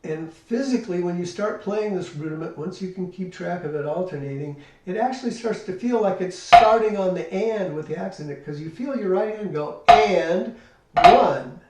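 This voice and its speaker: Older guy explaining drum rudiments, kinda high voice, far from the mic, loud hiss behind. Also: normal speed, few pauses. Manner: explanatory, counts rhythms aloud. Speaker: drum teacher. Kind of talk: spoken drum lesson with demonstration. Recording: echoey room, distant mic, loud hiss.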